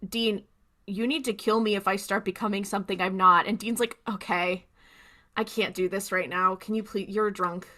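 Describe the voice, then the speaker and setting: A woman co-hosting a podcast, talking through an episode in a chatty, opinionated way. Her voice is bright and sharp, at a middle pitch, and she fills her talk with casual asides. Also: steady tone, moderate pace. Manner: opinionated, chatty, frequent "like" fillers. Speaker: podcast co-host. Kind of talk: casual recap chat.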